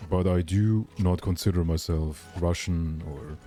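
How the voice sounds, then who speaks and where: A man's voice: low-pitched, unhurried, mellow, faint music behind. A man from Germany with a light German accent, rambling candidly in casual chat as a streamer.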